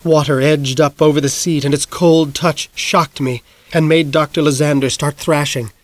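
A man narrating a novel as an audiobook in measured, grave storytelling, dropping soft at the darkest moments. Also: a little high, steady tone, dry recording.

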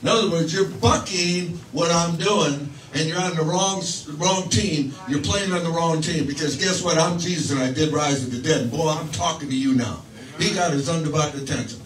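A man's voice: a little high, normal speed, reverberant, far from the mic, rough recording. A man preaching a sermon, telling a story in a conversational way with restarts and fillers, acting out quoted voices. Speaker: pastor.

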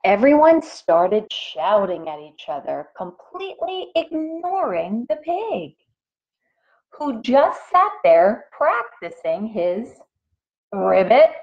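A woman teacher reads a storybook aloud to children at an unhurried pace, her voice rising and falling expressively. She stops now and then to explain things to her young listeners, and the recording sounds dull and lo-fi. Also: a little high, big pitch swings. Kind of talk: reading a picture book aloud to children.

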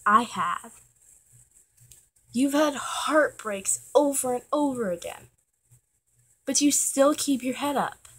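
A woman's voice: fairly high pitch, a bit bright, husky, low-quality recording. A teenage girl giving an earnest, emotional pep talk to her viewers, swearing when she gets worked up. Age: teens. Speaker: vlogger.

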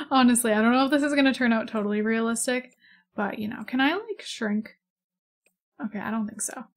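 A young woman in her twenties chatting casually over gameplay, rambling, giggling and gushing over cute animals. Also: fairly high pitch. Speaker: gaming YouTuber. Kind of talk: casual let's-play chat.

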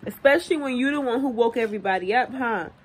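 A woman's voice: fairly high pitch, quick pace, husky. A young adult woman and mother chatting candidly to her viewers in a casual day-in-the-life vlog at home, calling them y'all. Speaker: vlogger and mother of two babies.

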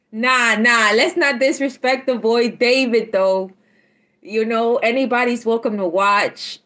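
A woman, chatting casually on a tarot livestream, teasing and animated, laughing often as she reads out chat. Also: fairly high pitch, a little slow.

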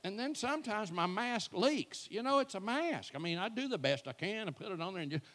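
Folksy man in his sixties, bright voice. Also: sits high, a little fast. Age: 60s. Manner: folksy, self-mocking, animated. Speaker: church speaker. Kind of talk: comic storytelling to a live audience. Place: church.

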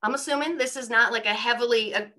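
A woman's voice: a little high, fast talker, sharp tone. A middle-aged woman giving a conversational sermon at a women's church event over a video call, informal, with frequent rhetorical asides. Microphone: speaking on a video call.

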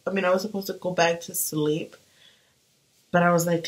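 A woman's voice: on the low side, moderate pace, pauses often, slight background noise, poor audio. A young woman chatting casually while doing her makeup, talking animatedly. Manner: chatty and animated, full of fillers. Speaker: beauty vlogger.

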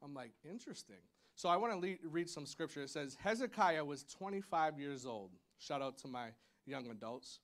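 With lively intonation, a normal pace, and hardly any pauses, a pastor jokes his way through a casual sermon in a church sanctuary. He's chatty with the congregation, saying "y'all" and "like" a lot, and high playful sound effects pop up throughout.

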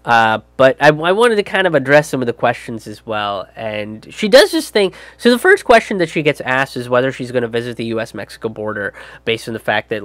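A man's voice: mid-range voice, big pitch swings, moderate pace, dry recording. A young man doing political comedy commentary in a ranting, profane way with lots of fillers.

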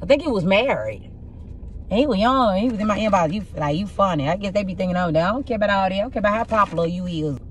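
A young woman with a rough, husky voice, doing a casual tarot reading and telling blunt, profane stories in an animated way. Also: mid-range voice, quick pace, slight background noise. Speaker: tarot reader.

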